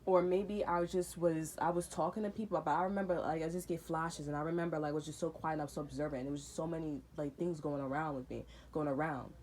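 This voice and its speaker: A woman's voice: sits low, steady tone, quick pace, hardly any pauses, darkish tone, a little hiss or hum. A young woman reading tarot, talking in a heated, emphatic way, repeating herself and swearing often. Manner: emphatic, repetitive, swears a lot. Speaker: tarot reader. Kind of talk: casual, heated monologue.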